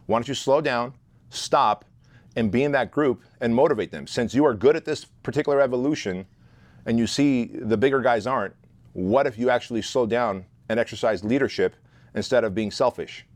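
A man's voice: medium pitch, moderate pace, no echo. Blunt, profane man telling stories. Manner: blunt, profane, animated storytelling. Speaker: guest, leadership instructor. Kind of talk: storytelling interview talk.

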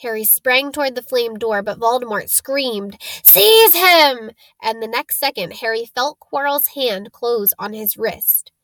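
A woman reads a children's storybook aloud, unhurried and dramatic, with a fairly high voice. She takes her time over each phrase. The recording is dry and close, with no room around it. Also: a bit bright, no room sound, poor audio. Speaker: audiobook narrator. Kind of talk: storybook narration.

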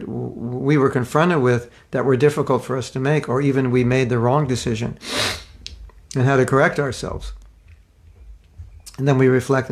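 American male teacher, gravelly voice, informal spiritual talk, rambling with asides and restarts. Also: mid-range voice. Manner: conversational, repeats and restarts, asides.

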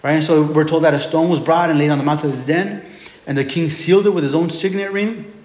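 A man preaching a sermon in a relaxed, conversational way, often restarting and repeating words as he retells a Bible story. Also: a little high, fast talker. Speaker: pastor. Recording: echoey hall with long reverb.

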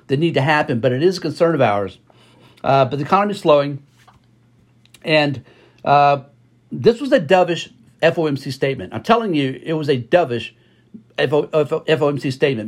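A man hosting a podcast and giving opinionated market commentary, emphatic and repeating words for stress, with many fillers and restarts. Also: fairly high pitch. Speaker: podcast host.

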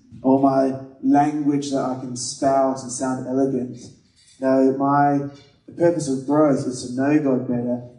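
A man's voice: medium pitch, dark tone. Earnest male preacher in an echoey hall. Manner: earnest, conversational preaching with personal stories. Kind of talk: sermon. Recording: echoey room, mic at a distance.

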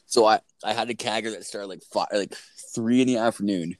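Male podcast co-host in his thirties, low-pitched, profane and rambling. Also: brisk. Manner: profane, rambling, animated storyteller. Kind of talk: casual storytelling chat.

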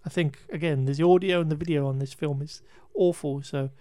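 A man's voice: on the high side, fairly even intonation, fairly quick, dark tone, dry recording. A man co-hosting a podcast, chatting casually through a film recap with frequent restarts and laughter. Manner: rambling, self-correcting, laughs often. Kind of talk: casual chat.

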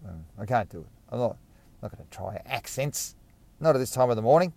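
A man's voice: medium pitch, animated, fairly quick, gravelly, a little mellow. A young man hosting a casual solo podcast from his car, musing and rambling while he drives. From Australia. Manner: rambling, musing, self-correcting. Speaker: podcast host. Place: inside a car while driving. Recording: faint road noise in a car. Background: car and street noise.

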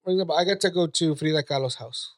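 A man's voice: fairly high pitch, fast. A man co-hosting a podcast in casual chat, rambling and hesitant with many restarts. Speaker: podcast co-host.

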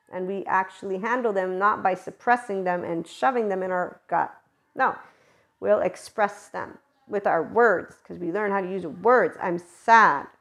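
Woman, spiritual monologue, animated, emphatic, middle pitch. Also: gravelly. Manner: animated, emphatic, acts out quoted voices. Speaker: spiritual vlogger.

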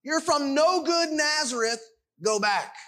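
A man's voice: very high-pitched, lively intonation, unhurried, bright, forceful tone, exaggerated voice. A preacher voicing a mocking male unclean spirit that jeers with scornful questions. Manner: jeering rhetorical questions.

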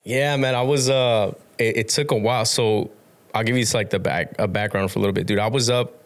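A low-pitched young man talking in a loose, rambling way as a podcast guest. He restarts his sentences often, swears casually and laughs along as he goes. It sounds like relaxed interview chat. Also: brisk.

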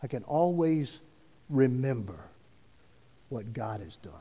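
A male pastor preaching a sermon to his congregation, earnest, with slow emphatic phrasing. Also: medium pitch, expressive, mellow, breathy edge. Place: church sanctuary. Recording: long reverb of a church hall.

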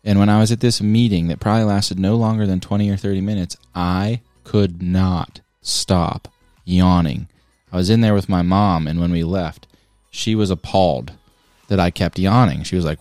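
A man's voice: low-pitched, steady tone, normal speed, a little mellow, no room sound, studio quality. A man co-hosting a podcast in casual chat, playful and rambling as he explains trivia. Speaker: podcast co-host.

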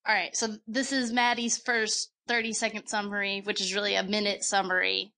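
A woman co-hosting a casual podcast at home on a good microphone, chatty and quick with self-mocking jokes. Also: mid-range voice, level tone, creaky, bright, forceful tone. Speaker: podcast co-host. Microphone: quality home microphone.

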